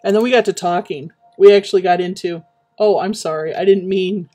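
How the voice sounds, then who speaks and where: A woman chatting casually while building in a game, rambling and reminiscing with many pauses and fillers. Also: lowish voice, warm tone, soft background music. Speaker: Minecraft streamer.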